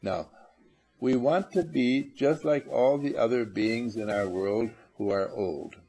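A man giving a spiritual lecture to a live audience, animated and teasing, acting out little scenes as he goes. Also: mid-range voice, takes it slowly. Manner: animated, acts out little scenes in funny voices; coaxes and teases the audience. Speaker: motivational speaker.

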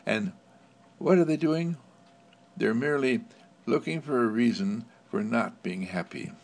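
A man giving an inspirational spiritual talk, with a gentle, repetitive, affirming cadence, often breaking into laughter. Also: mid-range voice, measured pace, gravelly. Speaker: spiritual speaker.

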